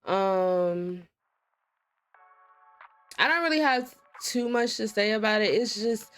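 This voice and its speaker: A woman's voice: mid-range voice, slow, fairly bright tone, soft background music. A woman hosting a reaction video, chatting casually to her viewers and calling them y'all.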